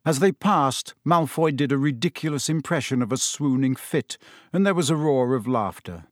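A man narrating an audiobook chapter in a lively, expressive way. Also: mid-range voice, moderate pace, no echo, studio quality.

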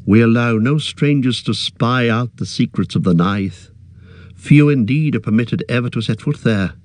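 A man's voice: mid-range voice, no room sound, lightly acted. A man reading aloud and voicing a stern, noble male elf guard leader who speaks formally and evenly. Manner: formal, measured.

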